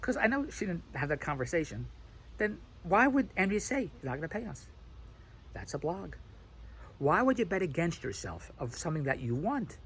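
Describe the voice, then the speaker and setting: A man in a rambling, animated vlog monologue who keeps imitating other people's voices as he tells his stories. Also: a little high, moderate pace, a little hiss or hum, low-quality recording. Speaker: vlogger. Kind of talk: rambling self-recorded monologue.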